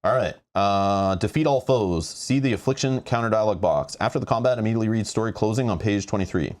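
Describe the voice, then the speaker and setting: A man's voice: on the low side, fast, a little mellow. A man hosting a board game playthrough, reading rules aloud and rambling with exasperation about them. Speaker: host playing a board game.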